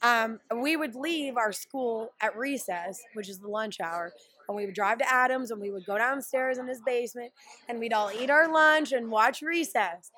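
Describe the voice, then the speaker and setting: A woman who wrestles professionally, telling stories in a brash, animated way during a casual interview. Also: on the high side, moderate pace. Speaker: pro wrestler.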